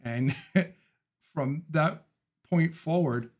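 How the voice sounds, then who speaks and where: A man's voice: fairly high pitch, extremely slow. A man from Philadelphia hosting a casual livestream, talking through viewer comments, ranting with opinions and laughing often. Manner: talks through thoughts with frequent ums and restarts. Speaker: livestream host.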